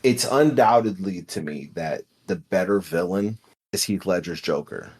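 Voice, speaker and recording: A man's voice: sits low, moderate pace, darkish tone, husky. A man on a movie podcast giving emphatic, opinionated takes. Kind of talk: casual movie-discussion chat.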